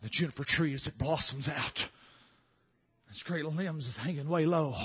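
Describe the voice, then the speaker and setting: Fervent preacher, shouting and murmuring. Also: male voice, a little high, normal speed, slightly rough, dull audio. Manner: fervent, swings from soft to shouting. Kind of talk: sermon.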